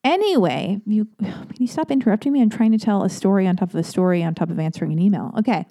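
Rambling, candid woman with a mellow voice. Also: medium pitch, quick pace. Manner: candid, self-deprecating, digressive, swears freely. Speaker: podcast host answering listener letters. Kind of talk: casual advice chat with rambling anecdotes.

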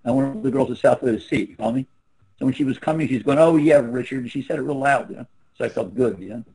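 A man's voice: mid-range voice, very fast, a little mellow, breathy edge, low-quality recording. A man in his seventies, a guest on a video call, telling rambling anecdotes that trail off. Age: 70s. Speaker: interview guest. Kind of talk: casual storytelling on a video call.

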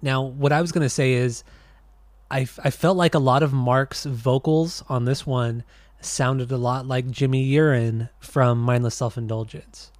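A man's voice: mid-range voice, steady tone, a little slow, darkish tone, no echo. A man co-hosting a podcast in casual chat, laid-back and rambling with many restarts. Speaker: podcast co-host.

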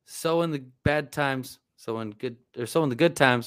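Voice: medium pitch, moderate pace, clean tone. A podcast co-host in a casual live chat, playful, sometimes slipping into a mock-preacher delivery.

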